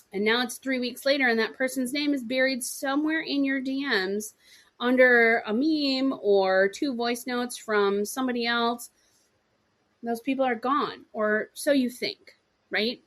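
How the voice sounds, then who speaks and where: Female podcast host, 30s, fairly high voice, lively solo coaching talk with acted-out quotes and "right?" asides. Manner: animated, acts out little quoted dialogues; frequent throat clearing, "right?" and "okay" asides.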